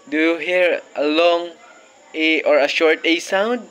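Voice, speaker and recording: Slow, bright-voiced phonics teacher man. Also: fairly high pitch, smooth. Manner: slow, patient, repeating words for learners; encouraging. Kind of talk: phonics lesson for children.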